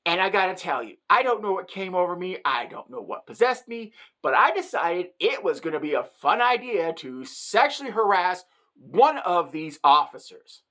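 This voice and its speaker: Bright, animated woman telling a story. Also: on the low side, moderate pace. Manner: animated, emphatic, joking. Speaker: vlogger. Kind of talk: comic storytelling monologue.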